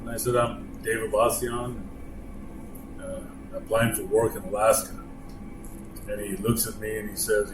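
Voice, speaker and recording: Low-voiced man telling stories in an echoey room. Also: huge pitch swings, over music. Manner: plainspoken, halting with frequent pauses. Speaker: longtime company employee sharing stories. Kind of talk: casual storytelling. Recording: echoey room with air-conditioning hum.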